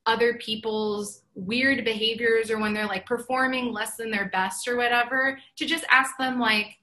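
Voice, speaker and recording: A woman's voice: fairly high pitch, steady tone, normal speed, few pauses, sharp tone. A woman in casual chat, telling a story in an earnest, reflective way and acting out the dialogue she quotes.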